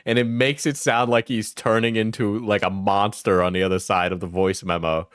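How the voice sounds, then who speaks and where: A man's voice: on the low side, fairly even intonation, normal speed, a bit bright, clean tone, dry recording, studio quality. A man reacting to a clip as a streamer, mocking and profane, with bursts of laughter. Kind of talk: reaction commentary.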